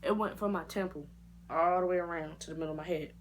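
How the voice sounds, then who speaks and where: A woman vlogger telling a personal story in a casual, slangy and expressive way. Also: lowish voice, fast, a little hiss or hum. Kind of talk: story time vlog.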